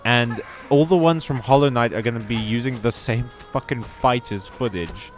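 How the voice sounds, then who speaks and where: A man's voice: mid-range voice, normal speed, soft background music. A man streaming a video game, chatting casually in a rambling, joking way with some swearing. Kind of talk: casual gaming stream chat.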